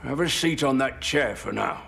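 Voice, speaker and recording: A gravelly, cryptic captive. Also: male voice, medium pitch, lively intonation, moderate pace, a bit bright, slight background noise. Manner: intense, theatrical, drops to whispers. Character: cryptic trapped man serving a Mother. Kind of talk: video game voice acting.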